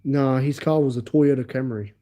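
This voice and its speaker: Very dark-voiced rambling Australian man. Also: mid-range voice, fairly even intonation, normal speed. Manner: rambling, repeats himself, many fillers. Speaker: livestreamer. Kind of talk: casual storytelling to viewers.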